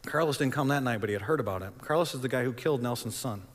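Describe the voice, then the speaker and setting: A man's voice: medium pitch, racing. Man preaching in a reverberant hall. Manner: dramatic, swings between loud and hushed. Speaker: pastor. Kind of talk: sermon storytelling.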